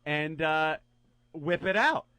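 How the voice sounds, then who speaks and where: A man co-hosting a radio show in casual chat, telling a crude story in an animated way and acting out the quotes, on a studio microphone. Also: on the high side, slow, smooth, no room sound.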